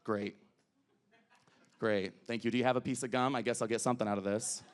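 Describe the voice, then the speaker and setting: A man's voice: medium pitch, fairly even intonation, fairly quick, clean tone. A man performing drag stand-up comedy on a club stage, crude and brash in his crowd work.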